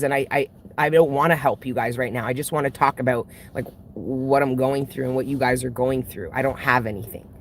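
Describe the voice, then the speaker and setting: There's a little hiss or hum behind this very deep-voiced woman, a tarot reader venting casually to her channel's viewers. Blunt and foul-mouthed, she keeps escalating into emotional outbursts.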